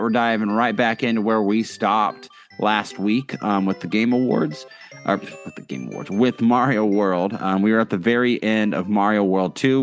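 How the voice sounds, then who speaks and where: A man co-hosting a casual podcast, talking loosely with many fillers and restarts. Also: on the low side. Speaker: podcast co-host.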